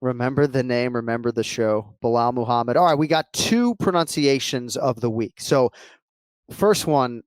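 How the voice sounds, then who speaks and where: A man co-hosting a sports podcast in quick, animated casual chat. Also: medium pitch, dry recording. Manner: quick, animated talk with laughs. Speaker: podcast co-host.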